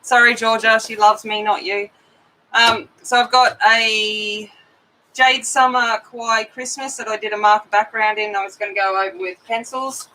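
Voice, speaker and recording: A woman's voice: on the high side, fairly even intonation, normal speed, pushed and bright, a little hiss or hum, low-quality recording. A middle-aged woman hosting a coloring live stream, chatting casually and rambling as she greets viewers by name.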